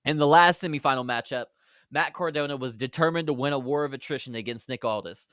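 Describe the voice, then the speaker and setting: A man hosting a podcast, recapping a fantasy wrestling card in brisk play-by-play storytelling. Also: mid-range voice, a bit bright, smooth, no room sound, clean studio sound. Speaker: podcast host.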